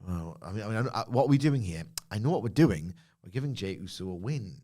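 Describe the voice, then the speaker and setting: Co-host, low pitch, swings up and down a lot, dry and pointed. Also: male voice, animated, quick pace, warm tone. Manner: sardonic, emphatic opinions. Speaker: podcast co-host. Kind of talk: casual wrestling podcast chat.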